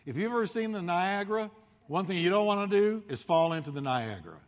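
A male pastor preaching a sermon, telling the story with animated delivery and acting out the voices of the crowd. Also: sits high, fairly quick, in a large hall.

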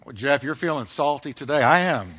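A male pastor delivering a fiery, emphatic sermon, swinging between loud declarations and hushed lines. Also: medium pitch, lively intonation, brisk, slight background noise. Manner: fiery, emphatic preaching with dramatic shifts.

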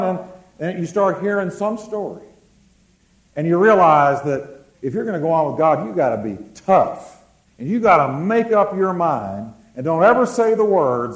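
A man preaching a sermon, calling on the congregation to answer and slowing down to stress words. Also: a little high, very animated, reverberant, low-quality recording. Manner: preaching with call-and-response, slowing words for emphasis. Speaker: pastor.

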